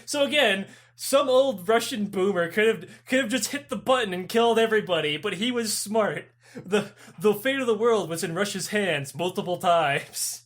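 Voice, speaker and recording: A young man co-hosting a casual podcast, telling stories in an animated, profane way and acting out the people in them. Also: high voice, moderate pace. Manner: profane, animated storytelling with voiced characters. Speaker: podcast co-host. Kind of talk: casual chat.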